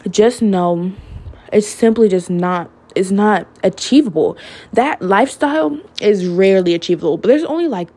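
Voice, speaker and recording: With a mid-range, darkish voice, a young adult woman talks through a casual solo monologue on her own podcast. She's candid and chatty, filling her speech with "like" and "literally" and laughing now and then.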